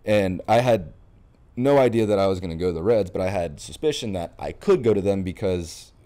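A man's voice: sits low, a little fast. A young man from Florida, a podcast guest, telling stories in a casual interview and acting out the lines he quotes. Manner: animated storyteller, acts out quoted lines. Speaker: podcast guest, baseball catcher.

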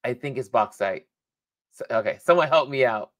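A male livestream host talks in a loose, rambling way, working things out aloud and breaking into laughter often. His voice sits at an ordinary middle pitch. The sound is dry and close, with no room around it. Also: lively intonation, normal speed, fairly bright tone, no room sound. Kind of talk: casual livestream chat.

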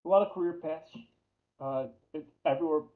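A man's voice: on the high side, a little fast. New york guy teaching accounting, asks the class stuff, kinda muffled recording. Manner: chatty, asks the class questions, repeats key terms. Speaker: accounting lecturer. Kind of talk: classroom lecture. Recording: dull lo-fi lecture audio.

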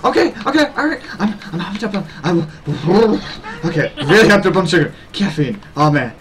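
A young man putting on a hyper, caffeine-wired voice, stammering and excitable. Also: medium pitch, moderate pace, voice pushed down, natural voice.

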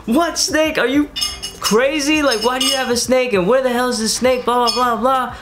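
A man imitating his frantic, scolding middle-aged mother in a shrill, exasperated yell. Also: steady tone, normal speed, noisy background. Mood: shrieking, outraged.

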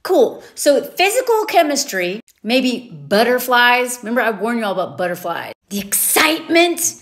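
Southern-raised woman, bright high voice, animated and sarcastic in casual commentary. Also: moderate pace. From American South. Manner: animated, sarcastic, quoting characters in exaggerated voices.

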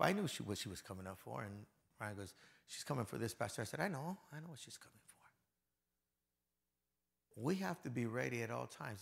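A man preaching a conversational sermon as pastor in a church hall, acting out quotes and swinging from quiet asides to loud declarations. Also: medium pitch, creaky.

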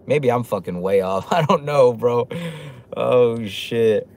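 A man's voice: mid-range voice, takes it slowly, darkish tone. A man hosting a casual livestream, reading chat comments aloud with loose, profane talk and lots of laughs. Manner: fillers and restarts, laughs often. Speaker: livestream host.

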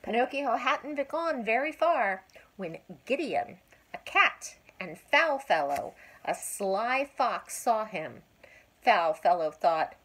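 An older woman reads a children's story aloud, taking her time and stretching words for effect. Her voice is a little husky and slightly high, and it rises and falls with lively expression. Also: rough recording. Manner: slow, expressive, drawn-out emphasis. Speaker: grandmother reading aloud.

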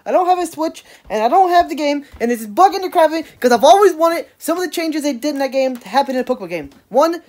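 A woman's voice: sits high, animated, fast talker, few pauses, a little mellow. A woman, chatting in a casual, rambling vlog, full of laughing asides and "hashtag" quips. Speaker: daily vlogger.

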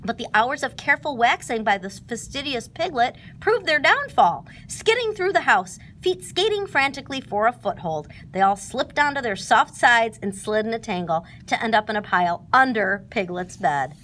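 A woman reading a children's storybook aloud, with a fairly high voice that rises and falls a lot. Her narration is expressive and animated. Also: normal speed, few pauses, slight background noise.

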